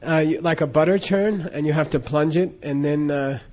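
A man's voice: fairly high pitch, moderate pace, darkish tone. A man telling a casual, rambling story with lots of fillers and frequent laughs. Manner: rambling, many fillers and restarts, laughs often.

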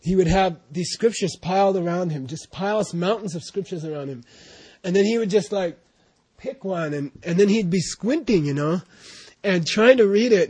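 Rambling high-voiced man, husky and dry. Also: a little mellow, dry recording. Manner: rambling, full of "you know" and restarts, laughing at times. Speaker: student recounting memories of his teacher. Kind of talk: casual storytelling talk.

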